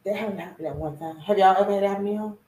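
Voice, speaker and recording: A woman's voice: medium pitch, racing, dark tone. A woman on a podcast cast, chatting casually and playfully, acting out scenes as she talks. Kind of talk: casual chat. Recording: echoey room with faint noise.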